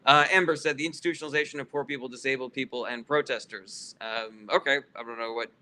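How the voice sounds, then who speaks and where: Man, livestream host, bright forceful voice, casual chat Q&A, blunt, profane, sarcastic with chatters. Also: mid-range voice, steady tone, quick pace. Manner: blunt and profane, with frequent fillers; gets heated and sarcastic with chatters. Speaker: livestream host answering viewer questions.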